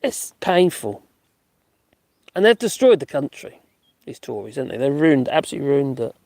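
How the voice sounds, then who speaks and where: A man's voice: medium pitch, very animated, normal speed, creaky, a little mellow, no room sound. A middle-aged man, hosting a casual live stream, chatting, laughing often and making mocking asides as he reads out comments. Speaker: live-stream host reading chat. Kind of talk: casual chat.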